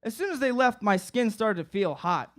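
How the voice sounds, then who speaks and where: Young guy doing a funny story onstage, pretty high voice, lively. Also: moderate pace. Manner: comic, animated, acts out friends' voices. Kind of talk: live storytelling performance. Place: live stage before an audience.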